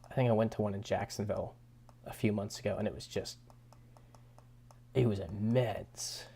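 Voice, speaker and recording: A young male streamer chatting loosely with his viewers in a low, gravelly voice. His tone is mellow and relaxed, and he chuckles easily and trails off mid-thought. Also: moderate pace. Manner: laid-back, chuckling often, trailing restarts. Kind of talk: casual livestream chat reading viewer comments.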